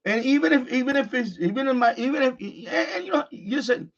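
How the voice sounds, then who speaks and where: On a live stream, a frustrated middle-aged man speaks bluntly and without a script, circling back over the same phrases and restarting often. His high voice carries a gravelly rasp, with lively intonation and a fairly quick pace, while the stream audio sounds dull and lo-fi.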